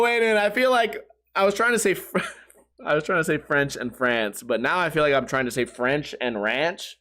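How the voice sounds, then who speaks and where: A man's voice: a little high, lively intonation, normal speed, pushed and bright. A young adult man hosting a casual solo podcast, rambling and swearing with self-mocking humor. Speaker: podcast host.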